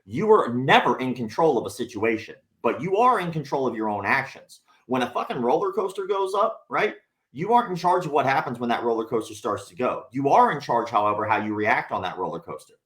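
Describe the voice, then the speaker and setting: A man on a podcast telling a workplace story in loose, casual chat. He is animated and swears freely, and his pitch swings high and low as he acts out the people he quotes. His voice sits in a middle register. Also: fairly quick. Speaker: podcast guest.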